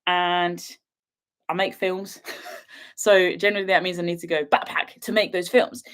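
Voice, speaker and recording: A young woman from the UK, a wildlife filmmaker, chatting casually on a livestream from home in a giggly, rambling, excitable way. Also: on the low side, normal speed, clear, resonant tone.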